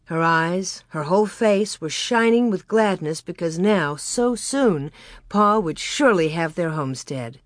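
A woman narrating a children's storybook aloud in a measured storytelling manner. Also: fairly low pitch, animated, no room sound, clean studio sound. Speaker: audiobook narrator. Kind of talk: scripted narration.

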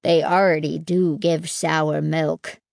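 A woman reading a storybook and voicing an elderly grandfather on a farm, who speaks in a low, terse mutter. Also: takes it slowly, vocal fry, a little mellow, dry recording, studio quality, full character voice. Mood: gloomy.

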